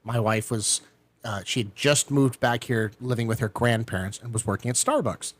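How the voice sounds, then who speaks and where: A middle-aged man telling a long personal story in casual chat, acting out the people he quotes with big jumps in pitch. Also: moderate pace, fairly bright tone. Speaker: podcast guest.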